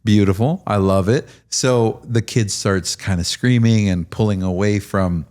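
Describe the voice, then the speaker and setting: A man's voice: lowish voice, measured pace, a little mellow. A man with a Midwestern American accent hosting a podcast, telling stories in an irreverent, joking way. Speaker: podcast host. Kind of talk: casual podcast conversation.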